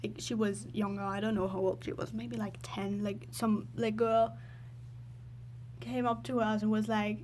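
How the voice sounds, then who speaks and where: A woman's voice: mid-range voice, little pitch movement, unhurried, a little mellow, slight background noise. A woman telling a story in a casual, rambling voice-over, filling her talk with "like" and giggling often. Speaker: video creator.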